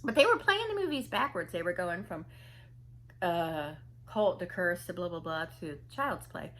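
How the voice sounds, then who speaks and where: A woman's voice: lowish voice, big pitch swings, normal speed, fairly bright tone, slight background noise. A woman vlogger telling a story casually and animatedly, imitating people and laughing often.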